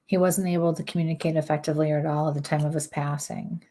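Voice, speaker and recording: A woman working as a medium, giving a live psychic reading in a halting, hesitant way with many fillers. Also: low voice, level tone, warm tone.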